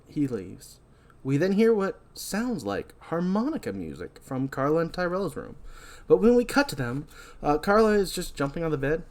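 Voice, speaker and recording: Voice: mid-range voice, big pitch swings, normal speed, darkish tone. A podcast host casually recapping a horror movie, chatty and full of fillers. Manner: chatty, filler-heavy, laughing.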